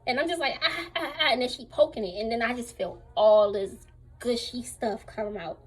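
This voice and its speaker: A young woman telling a casual storytime to her viewers, candid and slangy, animated as she retells what happened. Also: fairly high pitch, moderate pace, slightly rough, poor audio. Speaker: vlogger.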